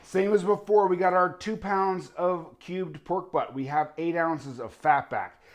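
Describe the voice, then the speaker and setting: An upbeat man walks through a home cooking demonstration, his voice pitched a little high for a man. He sounds eager and chatty as he tastes and explains each step. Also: a little slow. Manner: enthusiastic, talks while tasting and cooking. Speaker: cooking show host.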